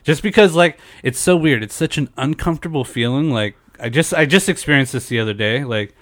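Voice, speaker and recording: A man's voice: mid-range voice, fairly quick, no echo, clean studio sound. Nasal, stuffed-up man chatting loosely. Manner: rambling, profane, many fillers. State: stuffed-up nose from a head cold. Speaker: podcast host. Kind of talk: casual podcast chat.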